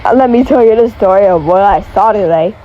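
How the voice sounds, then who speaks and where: A woman telling a homemade creepy story in a halting, stumbling way, restarting words. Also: medium pitch, lo-fi sound, slight background noise.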